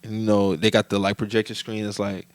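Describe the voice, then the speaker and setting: Podcast host, man in his twenties, rapid loose slangy delivery, dry sound. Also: on the low side, little pitch movement, no room sound. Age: 20s. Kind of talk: casual chat.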